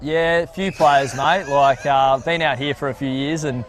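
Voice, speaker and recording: A man's voice: a little high, fairly even intonation, moderate pace. A young man with an Australian accent, a community health educator, chatting casually as a guest on the commentary, hesitant and full of fillers. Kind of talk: on-air chat as a guest. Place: outdoors at a country football ground.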